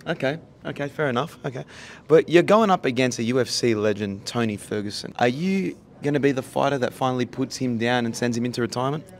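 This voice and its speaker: Fast-talking upbeat male interviewer. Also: medium pitch. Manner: upbeat, playful questioning. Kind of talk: press interview.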